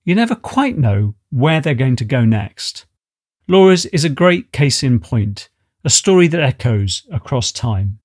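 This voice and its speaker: A man's voice: mid-range voice, big pitch swings, unhurried, a little mellow. A man hosting a story podcast, narrating in a conversational, inviting way. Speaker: podcast host. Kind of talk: scripted narration.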